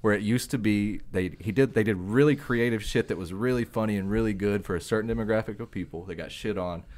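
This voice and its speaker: A man's voice: lowish voice, quick pace, a little mellow. A man co-hosting a podcast, chatting casually with emphatic, profane enthusiasm. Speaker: podcast co-host. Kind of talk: casual chat.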